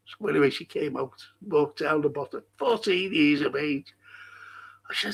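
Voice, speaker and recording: Older male stream host with a Liverpool accent, gravelly and husky, unhurried, swears and laughs. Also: on the high side. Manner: chatty storyteller, swears freely, laughs at own stories. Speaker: livestream host reading chat. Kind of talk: casual chat.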